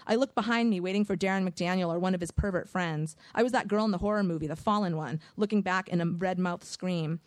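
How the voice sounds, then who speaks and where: A woman reading a first-person audiobook in a measured, vivid storytelling manner. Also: lowish voice, no echo. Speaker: audiobook narrator.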